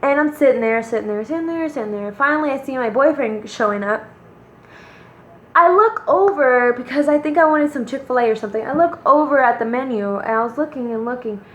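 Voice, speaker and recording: Young woman spilling a creepy story, high voice, slangy and animated, echoey room. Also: fairly quick, lo-fi sound. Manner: animated, slangy, talks to viewers as "girl". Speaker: vlogger. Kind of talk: casual storytime. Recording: roomy echo.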